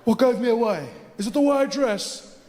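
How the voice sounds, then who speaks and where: A man playing a suave, smooth-talking male secret agent with a smug, teasing way of talking, recorded live in a hall. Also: very high-pitched, normal speed, darkish tone, a little hiss or hum, pitched above the performer's own voice.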